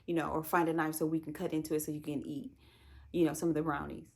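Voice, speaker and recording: Oblivious young husband played by a woman, eager, rushed. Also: low-pitched, flat delivery, pitched below the performer's own voice.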